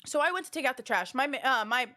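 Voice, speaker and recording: A young adult woman streamer telling stories to her chat in an animated way, laughing and restarting her sentences. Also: high-pitched, fast. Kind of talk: casual storytelling to chat.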